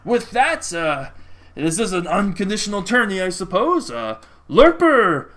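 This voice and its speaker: A man voicing a dwarf taskmaster who announces fighters to an arena crowd, loud and slow. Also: high voice, sing-song, voice pushed up, heavily acted. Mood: announcing.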